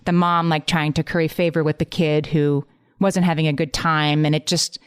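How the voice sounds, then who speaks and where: A woman with a low, smooth, resonant voice co-hosting a podcast, musing in a wry, thoughtful way. The sound is close and dry, with no room around it. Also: level tone, normal speed, dry recording. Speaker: podcast co-host. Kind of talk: casual chat.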